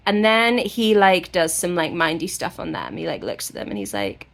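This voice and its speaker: A woman's voice: medium pitch, expressive, moderate pace, few pauses, fairly bright tone. A woman casually recapping a book, chatty and irreverent, with some swearing. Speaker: book vlogger.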